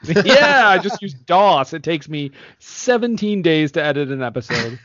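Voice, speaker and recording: A man's voice: a little high, big pitch swings, a little slow, a bit bright, dry recording, highs cut off. A man hosting a casual movie podcast, laughing often as he reads reviews aloud. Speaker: podcast host.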